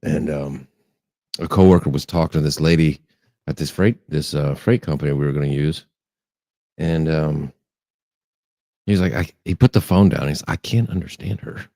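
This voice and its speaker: A man's voice: a bass voice, fairly even intonation, normal speed, pauses often, warm tone, no room sound, studio quality. A man from Texas with a mild Texas accent, co-hosting a casual chat and telling easygoing stories. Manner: easygoing storyteller, laughs often. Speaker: podcast co-host.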